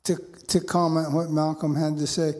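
A man's voice: fairly high pitch, little pitch movement, normal speed, darkish tone. An older man, a student in a class discussion, speaking bluntly and matter-of-factly.

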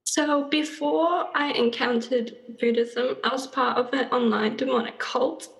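Woman, nervous and tearful, apologetic confession; high voice with a gravelly edge. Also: fairly even intonation, a little slow, low-quality recording. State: crying. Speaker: questioner confessing to teacher. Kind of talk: emotional public repentance.

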